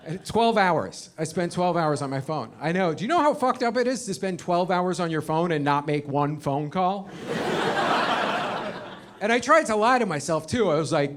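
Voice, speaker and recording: A man in his thirties performs stand-up in front of a live audience, with a high, bright voice. He swears freely and jumps in and out of acted-out characters with lots of energy. A clear layer of noise sits behind him in the room. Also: brisk. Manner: animated, profane, acts out voices. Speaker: stand-up comedian. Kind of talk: stand-up comedy set. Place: comedy show with live audience.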